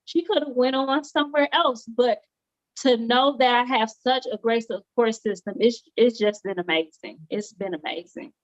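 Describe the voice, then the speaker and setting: Guest: earnest high-voiced woman, repeats lines for emphasis, dry close sound. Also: moderate pace, no room sound, highs cut off. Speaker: homecare business owner, guest. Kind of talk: casual live interview chat.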